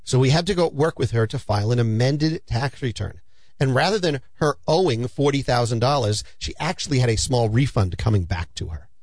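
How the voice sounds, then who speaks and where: A man's voice: medium pitch, expressive, a little fast, darkish tone, dry recording. Earnest, dry-voiced male financial advisor. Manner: earnest, persuasive, storytelling. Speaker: financial advisor hosting a radio show. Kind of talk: conversational advice talk.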